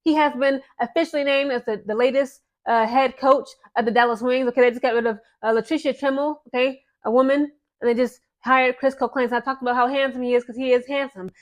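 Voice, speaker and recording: A woman's voice: high voice, steady tone, fast, hardly any pauses. A woman hosting her own channel, giving casual, chatty commentary to the camera and often checking in with her viewers. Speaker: channel host.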